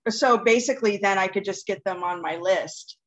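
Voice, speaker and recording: A woman on a video call is being coached. Her pitch sits in the middle, and her speech is hesitant and full of fillers. She agrees often and thinks out loud. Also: moderate pace, low-quality recording. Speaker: coaching client. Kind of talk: casual chat.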